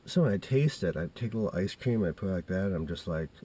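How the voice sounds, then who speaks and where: A man's voice: deep voice, expressive, fast talker, dark tone, slight background noise. A man in his fifties telling a personal story in a casual, meandering way, full of restarts and asides. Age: 50s.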